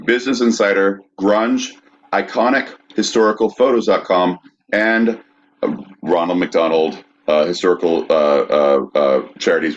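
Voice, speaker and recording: Deep-voiced halting man, dull sound. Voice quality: halting, with many fillers when reading. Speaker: podcast host, researcher. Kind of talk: casual podcast chat, reading a list of sources.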